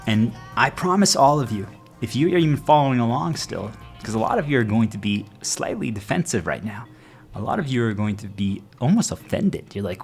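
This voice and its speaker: A man giving a motivational talk to his viewers, earnest, often asking if they follow, and jumping into quoted voices. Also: vocal fry. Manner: earnest, repeatedly checking the audience follows; acts out quoted voices with sudden pitch jumps. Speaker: motivational speaker.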